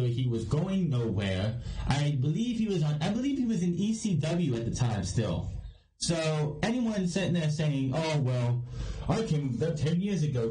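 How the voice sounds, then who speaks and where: A man's voice: on the high side, mellow. A man hosting a podcast, ranting bluntly and swearing for emphasis as he gives his opinions on wrestling. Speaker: podcast host. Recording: echoey room with faint noise.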